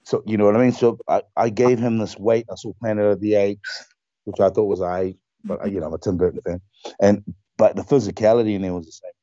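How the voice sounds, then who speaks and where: A man's voice: fairly low pitch, steady tone, fast talker, warm tone, dry recording. Man, actor guest, emphatic storyteller, dry close sound, muffled lo-fi stream. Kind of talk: casual interview chat.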